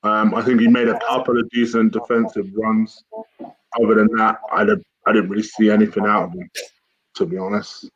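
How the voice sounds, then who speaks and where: A man hosting a football review livestream, speaking calmly with some hesitant ums. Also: fairly low pitch, a little fast, lo-fi sound, crowd noise. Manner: calm, mildly hesitant with filler ums. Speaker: channel host.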